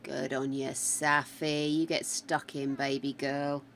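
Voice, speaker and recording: An older woman with a slightly wobbly voice chats with her viewers and thinks aloud while playing a game on a live stream. Her voice is rumbling low and a bit bright, delivered flatly and slowly. There's a little hiss or hum in the recording.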